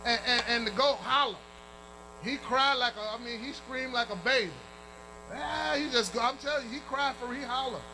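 A man preaching a fervent sermon, chanting and shouting to his congregation and calling for amens. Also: very high voice, moderate pace, background noise. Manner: calls out to the congregation.

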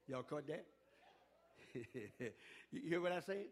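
An older man preaching a sermon in call-and-response style, dropping to a hush and then rising to a shout. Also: on the high side, expressive, slow pace, a little hiss or hum.

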